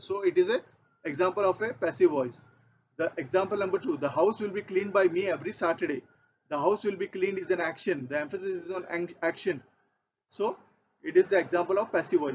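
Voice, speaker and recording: A man's voice: high-pitched, a little hiss or hum. A man with an Indian English accent teaching a grammar lesson, methodical and repeating each key point. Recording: dull lo-fi audio.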